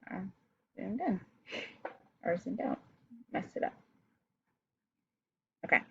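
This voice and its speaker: A woman's voice: medium pitch, animated, takes it slowly, gravelly, breathy edge, no room sound, dull audio. A woman teaching a recorded reading lesson, explaining step by step and talking directly to her pupils.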